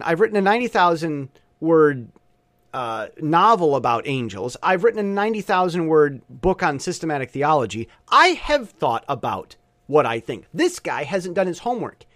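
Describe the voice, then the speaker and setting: A man talking in a casual vlog monologue, opinionated and animated, with stop-and-start rambling. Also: on the high side, moderate pace, no room sound. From Southern Taiwan. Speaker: vlogger.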